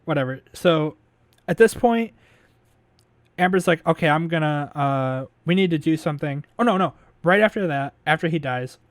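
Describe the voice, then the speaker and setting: A man's voice: a little high, no room sound. A man casually recapping a movie plot as a podcast host, rambling with lots of fillers, swearing and laughing as he goes.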